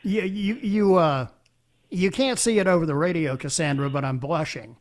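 An older man hosting a call-in talk radio show, talking in a halting way with many uhs and restarts. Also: a little high.

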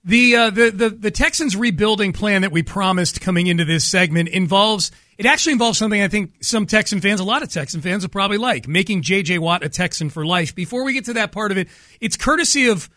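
A man hosting a sports radio show, upbeat and storytelling, slowing down on key words. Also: sits high, bright, forceful tone, no echo, clean studio sound. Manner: upbeat, storytelling, slows for emphasis. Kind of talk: casual sports radio talk. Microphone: studio microphone.

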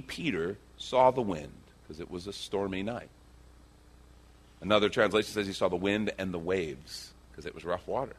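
A husky-voiced man preaching a sermon as pastor, acting out scripture scenes with lively swings in his voice. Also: brisk. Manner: animated, acts out quotes with big pitch swings.

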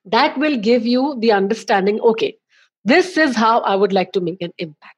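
Emphatic Indian woman coaching, higher voice. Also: expressive, normal speed, breathy edge. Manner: instructive, emphatic, gives examples. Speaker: communication coach, guest. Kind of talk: podcast interview, advice.

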